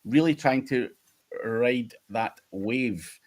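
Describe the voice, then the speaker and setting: A man's voice: medium pitch, slow pace, a little mellow. Scottish male host, laughing storyteller who swears a lot, chatty livestream delivery. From United Kingdom. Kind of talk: casual livestream chat.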